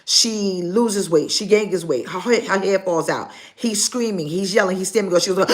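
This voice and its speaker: An older woman pastor preaching a live sermon, pausing dramatically and acting out her stories. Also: mid-range voice. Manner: slow, preaching with dramatic pauses and acted-out stories.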